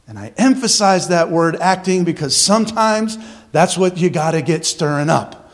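A man preaching a sermon as pastor, emphatic, with rhetorical questions, swinging from loud to hushed. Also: on the high side, lively intonation, normal speed.

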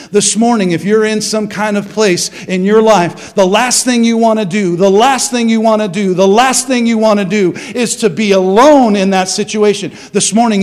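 A male pastor preaching a sermon, telling the story in a conversational, animated way and putting questions to the congregation. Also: high-pitched.

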